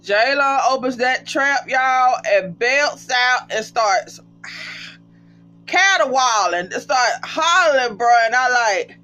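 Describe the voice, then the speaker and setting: A casual reality TV recapper talking straight to viewers, often breaking into high, cracking laughter. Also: lively intonation, takes it slowly, bright, forceful tone, soft background music. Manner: chatty, addresses viewers as y'all. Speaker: TV show recapper. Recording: dull lo-fi sound with faint hum.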